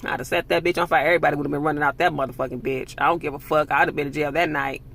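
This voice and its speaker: Angry profane man ranting, gravelly voice. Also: a little high, steady tone, racing, a bit bright. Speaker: vlogger. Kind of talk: heated commentary monologue.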